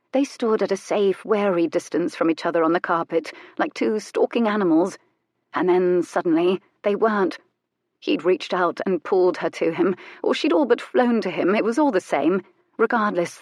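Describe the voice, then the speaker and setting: A woman narrating an audiobook in an intimate, measured storytelling manner. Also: on the low side, dry recording, clean studio sound. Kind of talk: scripted narration.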